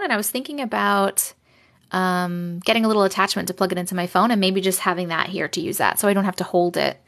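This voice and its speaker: A blunt, chatty woman from Long Island, New York, with the accent to match, hosts a live stream, casually chatting and reading viewer stories while swearing freely. She talks into a phone mic held close or clipped to her shirt. Her voice is medium in pitch, gravelly and a bit bright.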